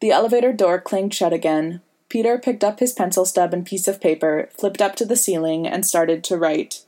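A woman narrating a fan fiction story in a steady storytelling manner. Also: fairly low pitch, normal speed. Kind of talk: fan fiction audiobook reading.

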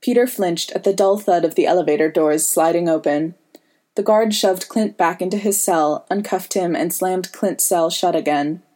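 A woman reads a story aloud in a calm, even way. Her voice sits low and sounds mellow and warm. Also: moderate pace. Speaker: audiobook reader. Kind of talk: fan fiction audiobook narration.

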